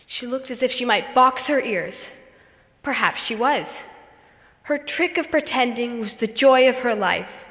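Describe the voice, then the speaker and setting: A woman student giving a memorized, expressive recitation of a story at a school speech meet. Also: fairly high pitch. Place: school auditorium. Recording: hall reverb.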